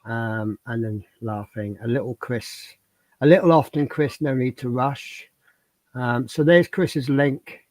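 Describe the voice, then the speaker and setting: A man's voice: mid-range voice, a little slow, a little mellow, no echo. A man hosting a livestream, chatting casually and telling rambling anecdotes. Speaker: livestream host. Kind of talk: casual chat and storytelling.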